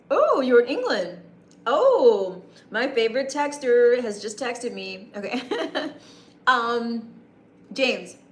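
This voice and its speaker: A woman streamer with a slightly high, broadcaster-like voice rambles through a casual late-night chat. She greets her viewers by name. Her voice bounces around an echoey room. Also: fairly bright tone. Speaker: live streamer.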